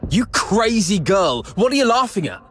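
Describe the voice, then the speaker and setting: An outraged loyal soldier. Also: male voice, high-pitched, very animated, normal speed, a little hiss or hum. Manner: shouting accusations. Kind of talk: video game voice acting.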